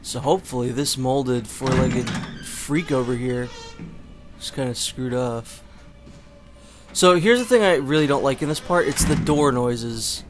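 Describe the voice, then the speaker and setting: A man's voice: medium pitch, a little slow, noisy background. A young man casually commenting on a video game while playing, chatty and rambling with plenty of filler words. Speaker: gameplay commentator. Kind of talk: casual let's play commentary.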